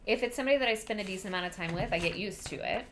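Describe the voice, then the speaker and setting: A woman co-hosting a book club podcast in casual chat, chatty and self-deprecating, talking in quick bursts. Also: mid-range voice, background noise. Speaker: podcast co-host.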